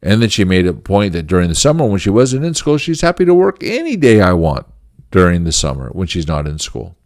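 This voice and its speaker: A man's voice: low-pitched, very animated, a little fast, a little mellow, dry recording, clean studio sound. A middle-aged man hosting a management teaching channel, telling a workplace story in an earnest, emphatic way with short laughs. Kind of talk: storytelling lesson talk.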